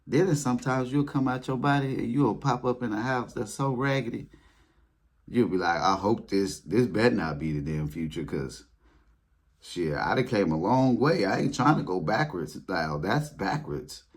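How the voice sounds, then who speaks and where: A man speaking in a casual storytelling monologue, animated, acting out his past reactions in a high voice. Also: breathy edge. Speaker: spiritual video creator.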